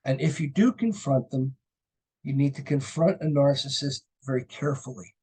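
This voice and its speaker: A man's voice: medium pitch, moderate pace, a little mellow, slightly rough. A middle-aged man giving a recorded college lecture, conversational and anecdotal, often tossing in "right?" and "you know".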